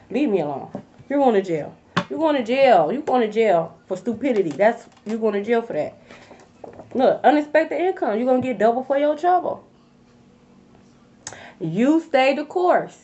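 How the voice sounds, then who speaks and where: A woman's voice: mid-range voice, moderate pace, dull audio. A woman doing a casual tarot reading to camera, blunt and profane, full of slang and repeated phrases. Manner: blunt, profane, animated slang-heavy delivery. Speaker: tarot reader.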